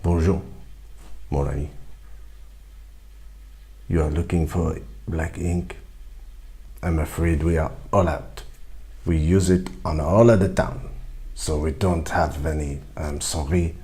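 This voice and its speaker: A hushed, apologetic French shopkeeper, as a man puts him on, deep and dark with a gravelly rasp. He sounds sorry and speaks in low tones. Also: steady tone, takes it slowly, pauses often, full character voice.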